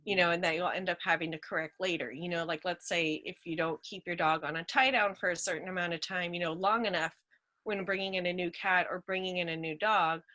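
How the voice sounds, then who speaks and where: A woman's voice: fairly low pitch, fairly even intonation, brisk, pushed and bright, rough recording. A woman chatting as a guest about rescue dogs, with lots of "you know" and "like.". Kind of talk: casual chat.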